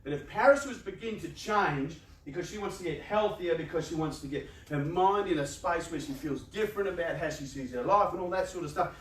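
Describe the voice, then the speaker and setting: A man with a fairly high voice gives a playful, conversational motivational talk to a room full of people. The sound echoes around the space, and his voice is picked up from a distance with faint ambience underneath. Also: brisk, few pauses, a bit bright. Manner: conversational, playful, laughs often and acts out inner voices. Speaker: youth organisation speaker. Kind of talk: motivational talk to a live audience. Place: large room with an audience.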